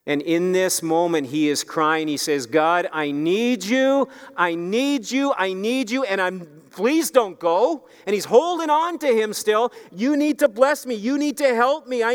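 A man's voice: medium pitch, clean tone, in a large hall. A man preaching a sermon as pastor, earnest and building to pleading emphasis.

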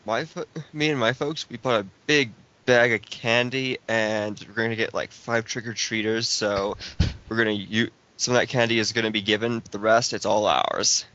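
A man guesting on a podcast, just woken up, talking in a flat sleepy monotone. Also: fairly low pitch, moderate pace, lo-fi sound. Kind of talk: casual chat.

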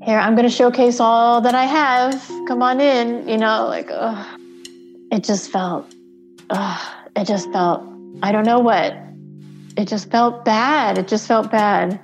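A woman's voice: a little high, fairly even intonation, slow pace, soft background music. A woman telling her own story candidly as an interviewed parent, animatedly acting out quoted dialogue with many fillers. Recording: dull, muffled sound.

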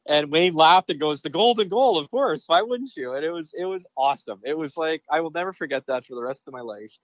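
A man, a sports broadcaster, telling lively anecdotes in a casual interview with many restarts. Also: on the high side, a little fast, dry recording. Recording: dry, dull lo-fi sound.

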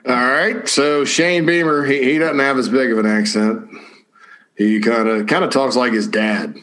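A man's voice: medium pitch, moderate pace, a bit bright. A man co-hosting a casual sports podcast, easygoing and agreeable as he asks questions. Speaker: podcast co-host.

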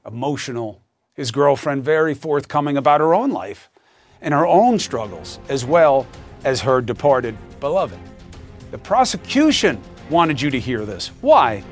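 A man's voice: mid-range voice, big pitch swings, measured pace, faint music behind. A man hosting a news show, introducing stories and guests in an emphatic, conversational way. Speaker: host. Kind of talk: news commentary and interview.

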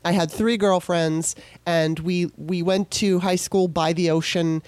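A woman's voice: fairly low pitch, steady tone, a little slow, darkish tone, dry recording. Emotional rambling woman podcast host. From California. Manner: emotional, rambling, many restarts. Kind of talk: casual monologue.

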